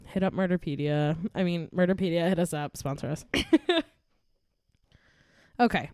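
A young woman on a true crime podcast chats with her friend and then narrates a murder case, reading case notes, giggling and laughing often. Her voice is on the low side with a dark tone, very animated yet unhurried with frequent pauses, in clean studio sound with no echo.

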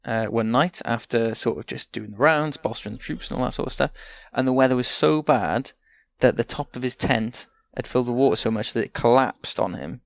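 A man's voice: medium pitch, fairly quick, creaky, hardly any pauses, dry recording. A man co-hosting a comedy podcast, who rambles through stories with lots of fillers and swearing. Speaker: podcast co-host. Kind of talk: casual comedy chat.

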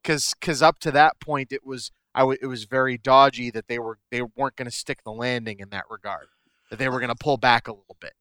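A man's voice: medium pitch, fairly even intonation, a little fast, a bit bright, smooth, no echo. A man co-hosting a casual film discussion, talking with enthusiasm and rambling with many fillers.

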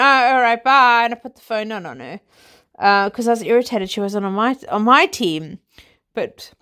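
South African woman, thirties, casual rambling vlog chat, mid-pitched. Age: 30s. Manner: chatty, rambling, many fillers like "you know" and "like". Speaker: vlogger.

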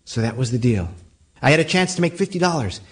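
A man's voice: mid-range voice, lively intonation, fast talker. A man performing a spooky childhood story aloud with dramatic, suspense-building delivery.

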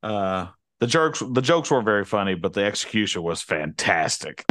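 A man's voice: lowish voice, very animated, moderate pace, very noisy. A man co-hosting a casual podcast, joking around and playing innocent when teased. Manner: jokey, playfully defensive. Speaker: podcast co-host. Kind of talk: casual chat.

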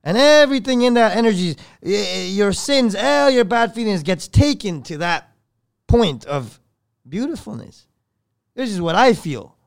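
A man's voice: high voice, lively intonation, measured pace, creaky, dry recording, studio quality. A man speaking as a podcast guest, rambling through an emotional story, swearing often, his voice swelling and dropping with feeling.

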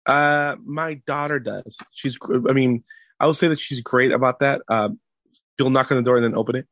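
A man in his thirties, a podcast co-host, telling animated stories about his kids in casual chat. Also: mid-range voice, normal speed, no echo. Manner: animated storyteller acting out his kids' voices.

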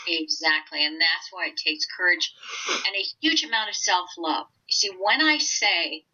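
An older woman coaching on mind and body, talking gently and earnestly in a casual interview. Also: on the low side, lively intonation, normal speed, breathy edge. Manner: gentle, earnest, speaks from the heart. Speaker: oncology coach, guest. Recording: dull lo-fi remote audio.

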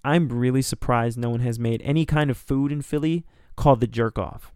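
A man's voice: mid-range voice, fairly even intonation, a little fast, a little mellow, smooth, dry recording, clean studio sound. A man co-hosting a casual podcast chat, joking and swearing in a laid-back way. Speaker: podcast co-host.

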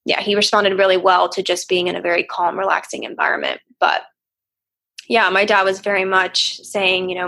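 A woman's voice: lowish voice, level tone, fairly quick, creaky, sharp tone. A young woman, a therapist, speaking earnestly and reflectively in a candid interview. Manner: earnest, reflective, sometimes emotional. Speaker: therapist guest.

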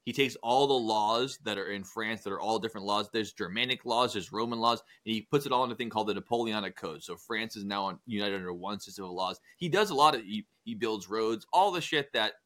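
A man's voice: on the low side, brisk, hardly any pauses. A man hosting a casual comedic history podcast, retelling events with goofy acted-out quotes. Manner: animated storyteller, acts out historical figures in goofy voices. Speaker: podcast host.

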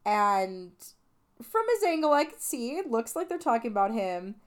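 A woman's voice: fairly high pitch, big pitch swings, moderate pace. Chatty young woman reviewing a film. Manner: chatty, many "like" fillers. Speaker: podcast host. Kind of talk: casual film review monologue.

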